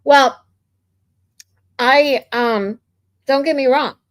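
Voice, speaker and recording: A woman's voice: high voice, drawn-out words. A woman streamer from the United States giving blunt, opinionated commentary in a casual ranting manner.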